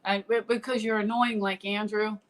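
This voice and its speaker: Middle-aged Philly-woman comic, blunt storyteller, acts out the quotes, mid-pitched voice. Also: flat delivery, normal speed, crowd noise, low-quality recording. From South Philadelphia. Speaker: comedian guest. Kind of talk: casual podcast chat, storytelling.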